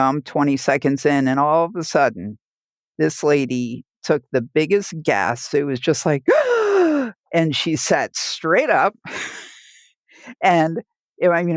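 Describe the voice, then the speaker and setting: A woman's voice: extremely low pitch, no echo. Woman telling hospice stories, dry sound. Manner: vivid storyteller who laughs while telling and acts out the people she quotes. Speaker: hospice nurse. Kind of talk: personal storytelling in a podcast interview.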